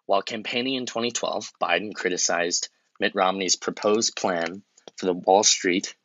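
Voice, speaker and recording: A man's voice: sits low, steady tone, moderate pace, fairly bright tone, lo-fi sound, a little hiss or hum. A man playing a flustered, awkward campaign spokesman in a comedy sketch, stumbling over bad examples and muttering asides.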